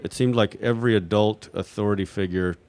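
A man from New Mexico with a fairly low voice, fielding questions from an audience. He rambles, stalls on fillers, and restarts his sentences often. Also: fairly even intonation, a little fast, darkish tone. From New Mexico, USA. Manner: hesitant, full of fillers and restarts. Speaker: guest at audience Q&A. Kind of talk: rambling unscripted answers.

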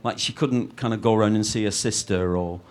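A middle-aged man from Britain, a film director answering interview questions in a rambling, lively way with many restarts. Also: lowish voice, fairly quick.

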